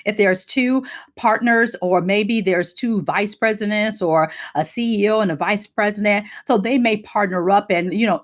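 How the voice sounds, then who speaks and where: Lively, energetic woman career coach. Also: mid-range voice. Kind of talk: instructional talk on job interviews.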